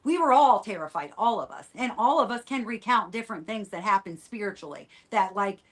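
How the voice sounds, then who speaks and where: A woman guest on a podcast giving a rambling personal testimony, repeating herself and trailing off quietly at the ends of lines. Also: mid-range voice, lively intonation, brisk.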